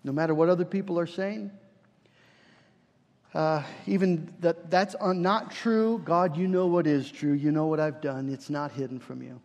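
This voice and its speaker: High-voiced preacher in an echoing hall. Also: male voice, steady tone, moderate pace, darkish tone. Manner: earnest, rising to fervent emphasis with repeated restarts. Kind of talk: sermon.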